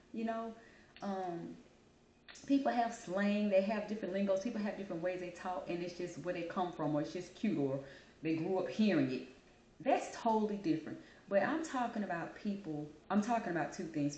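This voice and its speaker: A woman hosting her channel, talking casually to camera and telling her story in an animated, chatty way. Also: medium pitch, a little hiss or hum. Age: adult. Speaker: channel host. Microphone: camera mic. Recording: roomy echo.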